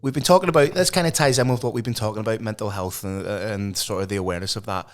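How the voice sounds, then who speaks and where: Animated sweary man. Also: fairly low pitch, racing. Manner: animated, sweary, mock-eloquent. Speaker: podcast co-host. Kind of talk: casual banter.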